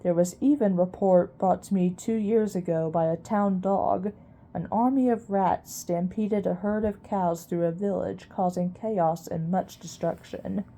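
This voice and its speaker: Woman doing an ancient squeaky mouse archivist. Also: steady tone, measured pace, warm tone. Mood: recounting. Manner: squeaky, barely above a whisper, muttering. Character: ancient wise old male mouse archivist.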